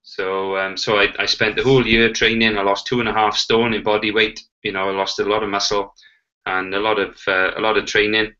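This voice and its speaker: Sex: man. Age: 40s. Origin: Wales. Role: interview guest. Style: animated storytelling with quoted dialogue. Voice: lowish, bright, forceful. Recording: dull, lo-fi. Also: fairly quick. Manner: animated, acts out quoted dialogue, frequent "you know". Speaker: guest, Paralympic cyclist. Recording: dull lo-fi audio.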